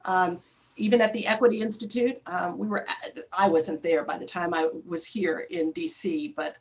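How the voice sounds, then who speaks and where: A woman's voice: lowish voice, steady tone, normal speed, lo-fi sound. A middle-aged woman telling a personal story in a panel talk, with frequent fillers and restarts.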